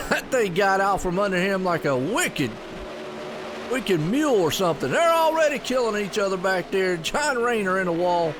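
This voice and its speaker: A man calling a sim racing event, excitable and folksy, with loud bursts on big moves. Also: high-pitched, moderate pace, noisy background. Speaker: race commentator. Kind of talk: sim racing play-by-play commentary.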